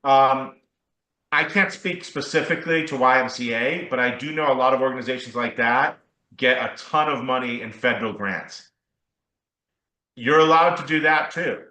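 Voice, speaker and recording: A man's voice: mid-range voice, normal speed, sharp tone, reverberant, low-quality recording. A man speaking as an attorney guest on a podcast interview, explaining in an earnest way and often checking in with "right?" and "okay?".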